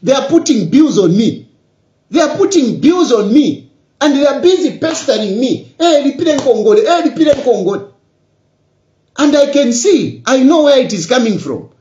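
A Zambian politician addresses his social media audience emphatically and repetitively, building to insistence. His voice is extremely high and sing-song, with a dark tone at normal speed. The room sounds echoey, dull, and lo-fi, with slight background noise.

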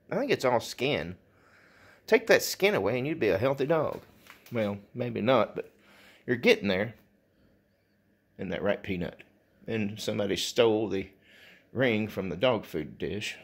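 A man's voice: very animated, a little slow, pauses often, husky. Man cooing playfully at his dogs. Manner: laughs often, coos to the dogs in a high sing-song voice. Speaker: dog owner filming his pets. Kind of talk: casual talk to his dogs. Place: at home.

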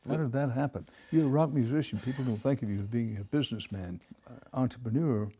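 A man interviewing a guest, asking measured, admiring questions. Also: mid-range voice, warm tone, slight background noise.

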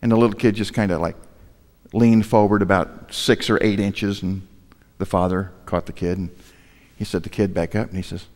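A man's voice: low voice, fairly even intonation, moderate pace, a little mellow, long reverb tail. An older male pastor preaching a sermon, telling a story with humor and asking the congregation questions. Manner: storytelling with self-deprecating humor and rhetorical questions. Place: large church hall.

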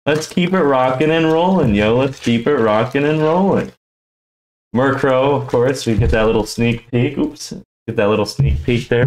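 A young man hosting a casual card-opening vlog, slangy and excitable, tossing "yo" into his talk. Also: medium pitch, reverberant, poor audio. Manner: excitable, slangy, says "yo" a lot. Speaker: YouTube card-opening host.

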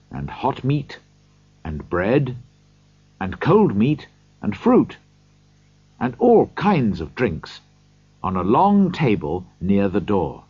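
A man reading a storybook aloud slowly for learners, in scripted narration. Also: fairly low pitch, very animated, a little mellow, dry recording, lo-fi sound. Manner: slow, clear reading for learners.

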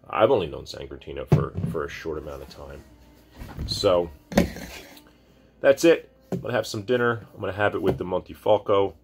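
A man casually talking through a wine tasting at home, rambling and relaxed with many restarts. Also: sits low, slight background noise. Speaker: wine vlogger.

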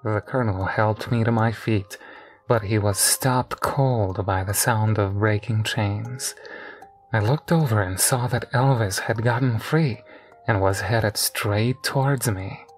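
A man narrating a horror story in a measured, deadpan way. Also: fairly low pitch, soft background music.

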